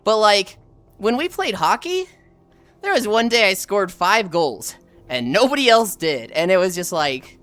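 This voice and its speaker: Casual woman streamer, lively up-and-down delivery, cusses freely, light music underneath. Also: fairly low pitch, normal speed, dry recording. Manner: profane, rambling, animated retelling. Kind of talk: casual storytelling while reading chat.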